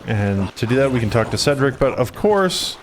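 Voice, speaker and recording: A man's voice: big pitch swings, normal speed, slight background noise. A man casually commenting on a game he is playing with a friend, joking around. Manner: joking, mimics characters in high voices. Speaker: let's play host.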